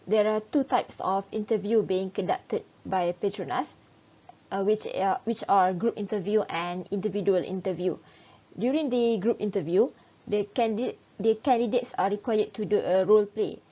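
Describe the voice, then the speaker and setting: A young woman, a student reading a class presentation in a steady, read-aloud way with small restarts. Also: mid-range voice, moderate pace, breathy edge. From Malaysia. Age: young adult. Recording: dull lo-fi recording.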